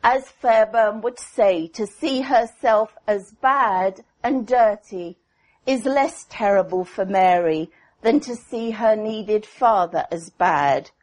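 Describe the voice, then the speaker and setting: A woman psychotherapist reading a prepared clinical paper aloud in a measured, deliberate way. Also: mid-range voice, darkish tone.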